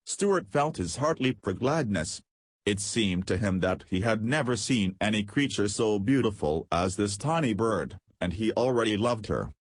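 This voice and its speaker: A man narrating a children's audiobook in a steady, measured reading voice with a husky tone. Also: fairly low pitch, no echo. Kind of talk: scripted narration.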